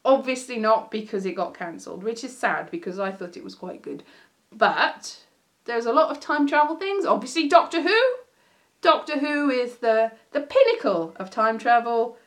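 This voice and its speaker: Brief: woman livestream host, fairly high voice, rambling and self-correcting chat. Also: lively intonation, normal speed. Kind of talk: casual chat.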